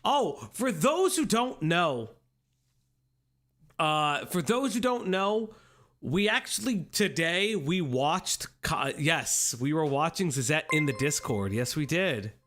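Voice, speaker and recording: Bright, high-voiced playful stream host. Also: male voice, big pitch swings, takes it slowly. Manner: playful, sing-song greetings, rambling asides to chat. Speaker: livestream commentary host. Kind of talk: casual livestream chat. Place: home streaming room. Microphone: desk microphone.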